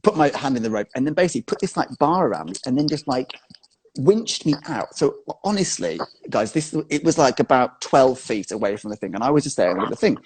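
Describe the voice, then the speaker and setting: A man, a choreographer guest chatting casually and telling a funny story in an animated way, full of fillers. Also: medium pitch, a little fast, husky, rough recording.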